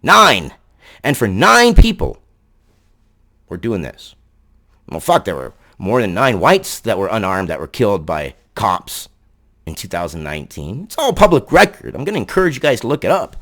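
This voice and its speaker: A man's voice: lowish voice, wildly swooping pitch, moderate pace, sharp tone. A man delivering angry political commentary, sarcastic and profane in his ranting.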